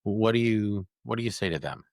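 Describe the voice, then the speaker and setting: A man hosting a parenting podcast, asking measured, thoughtful interview questions. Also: fairly low pitch, a little mellow, no room sound, studio quality. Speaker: podcast host.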